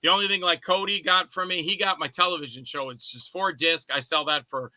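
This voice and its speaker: A man's voice: fairly high pitch, brisk, sharp tone, no echo. A man guesting on a podcast, chatting casually and rambling through stories where he acts out both sides of conversations. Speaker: podcast guest, indie filmmaker and actor. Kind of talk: casual chat.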